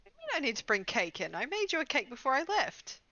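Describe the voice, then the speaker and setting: A woman with a bright, forward voice chats and jokes as a player in a tabletop game. The sound is dry and a little dull, as if from a modest mic. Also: sits high, very animated, brisk, no room sound. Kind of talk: casual tabletop game chat.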